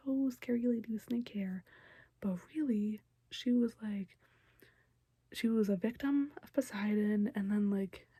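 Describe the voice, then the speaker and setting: Young woman reviewer, whispered role-play delivery, husky and close, dry room. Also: mid-range voice, dry recording. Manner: soft whispery recap, many fillers. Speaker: show reaction youtuber.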